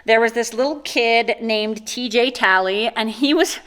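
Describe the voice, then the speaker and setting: A woman's voice: a little high, measured pace, fairly bright tone. A woman chatting casually in a vlog while unboxing gifts, gushing and exclaiming with delight, recorded on a camera-mounted mic. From USA. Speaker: small business owner unboxing gifts. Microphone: microphone mounted on the camera.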